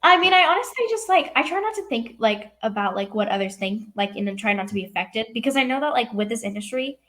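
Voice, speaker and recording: A woman's voice: a little high, expressive, fast, fairly bright tone. A young woman from California, an actress answering interview questions in a casual, filler-heavy way. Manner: youthful, heavy use of "like" and "um". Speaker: actress guest.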